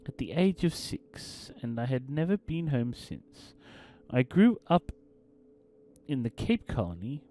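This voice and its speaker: A man's voice: fairly high pitch, a little mellow, a little hiss or hum. A man hosting a let's play, commenting casually and reading game text aloud in a theatrical storytelling way. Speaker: gaming channel host.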